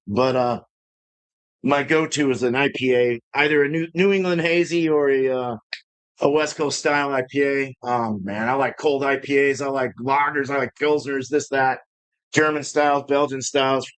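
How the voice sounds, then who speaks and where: A man hosts a casual home-brewing live stream from his own brewing space, using a streaming setup. His fairly bright voice sits a bit above the typical male range, and he rambles from story to story, swearing freely and laughing often.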